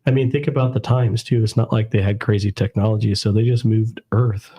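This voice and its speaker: Mellow low-voiced man explaining. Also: fairly even intonation, a little fast, breathy edge. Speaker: podcast co-host. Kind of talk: casual chat.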